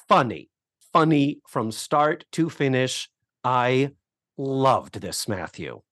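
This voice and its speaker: A man co-hosting a podcast, casually recapping a TV episode with animated storytelling. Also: medium pitch, slow pace, dry recording, clean studio sound. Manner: animated storytelling, acts out quotes. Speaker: podcast co-host.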